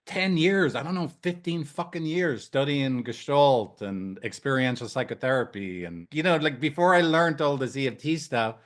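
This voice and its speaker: A man's voice: mid-range voice, moderate pace, hardly any pauses. A man, a couples therapist and trainer, teaching in a casual, blunt way, swearing freely and often checking in with "right?". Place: training room with whiteboard.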